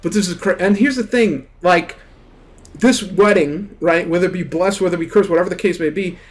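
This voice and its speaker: Young male streamer, casual rambling rant, higher-pitched voice, swears a lot. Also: brisk. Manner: animated, rambling, heavy swearing and filler words. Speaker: gaming streamer.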